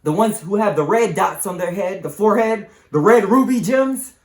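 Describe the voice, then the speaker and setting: A man's voice: high voice, normal speed, roomy sound. A man hosting his channel, delivering an emphatic, repetitive, preaching monologue to the camera. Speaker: channel host.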